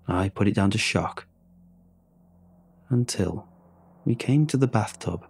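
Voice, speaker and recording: Low-voiced man narrating a horror story. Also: unhurried, vocal fry, a little mellow, breathy edge.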